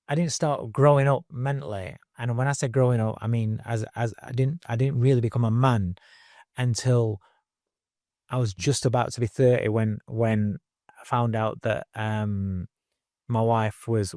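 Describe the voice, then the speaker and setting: A middle-aged British boxing trainer tells his story earnestly in an interview, restarting and repeating himself and using casual slang. His voice is mid-range, and the clean studio recording has no room sound.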